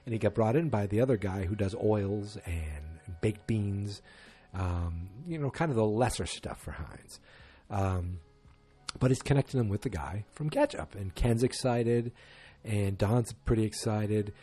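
A man's voice: on the low side, measured pace, warm tone, slightly rough, faint music behind. A man giving a casual, rambling recap of an episode, with wry asides.

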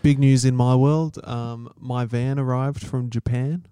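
A man's voice: mid-range voice, fairly even intonation, a little slow, warm tone, clear, resonant tone, dry recording. A man co-hosting a casual podcast, blunt and teasing, swearing often. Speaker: podcast co-host.

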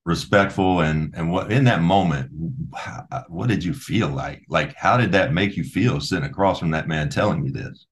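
A man's voice: deep voice, moderate pace, few pauses. A man hosting a podcast, asking the guest earnest, searching questions. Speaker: podcast host. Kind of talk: casual interview.

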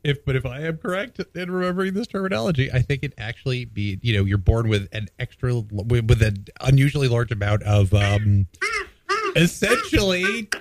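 A man's voice: mid-range voice, lively intonation, normal speed. Rambling male radio co-host. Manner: rambling, mock-grand announcements. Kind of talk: comic radio banter.

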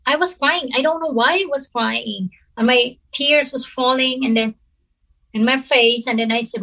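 A woman from the Philippines, telling a personal story to an interviewer in a halting, earnest way with many pauses and restarts. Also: sits high, pushed and bright, rough recording. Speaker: interview guest.

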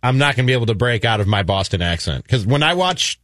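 Male radio co-host, very animated pitch, dry studio sound, playful banter. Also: fast talker, no echo. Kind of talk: casual sports talk radio.

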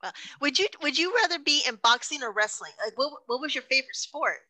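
A woman's voice: high-pitched, expressive, fairly quick, pushed and bright, low-quality recording. A woman interviewer reading out listener questions and chatting casually.

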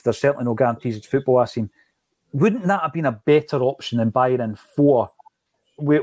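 A man's voice: medium pitch, darkish tone, no echo. Emphatic man, dry close mic. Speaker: podcast host. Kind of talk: casual football chat.

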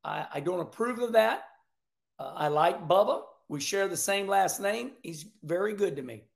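An older man giving casual, joking commentary on a race, chatty and animated with frequent asides. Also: high-pitched, moderate pace, creaky. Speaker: racing commentator.

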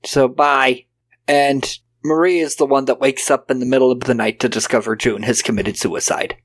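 A man co-hosting a podcast talks through a film scene by scene, his voice sitting at a middle pitch. He acts out the characters' lines with loose impressions. He swears casually as he goes. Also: steady tone, brisk. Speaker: podcast co-host. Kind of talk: casual film-recap chat.

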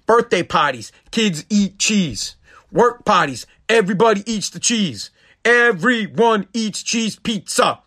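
A man hosts his own podcast from home, ranting in a loose, profane monologue. His voice is bright and forward, sitting a little higher than most men's. He sounds exasperated. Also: animated, a little slow. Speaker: podcast host. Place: home, streaming live.

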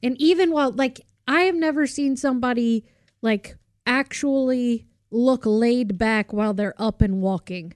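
A woman host chats casually and loosely, dropping fillers as she goes. Her voice is a little high, and the sound is dry and close. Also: measured pace, darkish tone, no echo. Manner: chatty, lots of fillers. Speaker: radio host. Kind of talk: casual chat.

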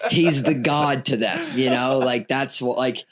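A man's voice: mid-range voice, fairly even intonation, measured pace, a loud crowd. A man chatting casually as a podcast guest, rambling loosely. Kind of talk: casual chat.

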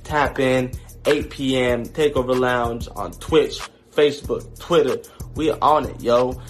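A man hosting a show, signing off with a relaxed, slangy, drawn-out plug. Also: medium pitch, soft background music. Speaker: show host. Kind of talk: sign-off promo.

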